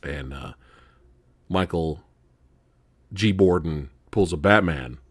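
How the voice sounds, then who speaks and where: A man's voice: sits low, slow, slightly rough, no room sound, clean studio sound. A man hosting a movie review show, chatting casually and retelling scenes with laughter and swearing. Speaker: movie review podcast host. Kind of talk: casual spoiler review chat.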